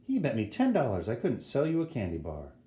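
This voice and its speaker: A man voicing a brash, excitable schoolboy who talks in indignant, dramatic bursts. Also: medium pitch, brisk, pitched below the performer's own voice. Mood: cocky. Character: brash, excitable eleven-year-old boy. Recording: roomy echo.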